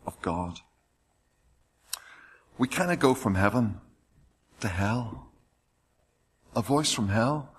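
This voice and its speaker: A man's voice: mid-range voice, fairly bright tone. A man preaching a sermon, reading scripture passages aloud with rising emphasis.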